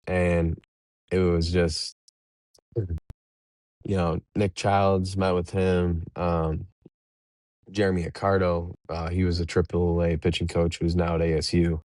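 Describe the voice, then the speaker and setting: A man in his twenties, a professional baseball pitcher and podcast guest, telling laid-back, rambling stories with easy laughs between them. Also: little pitch movement, takes it slowly, pauses often, a little mellow, no echo, clean studio sound. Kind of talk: casual interview storytelling.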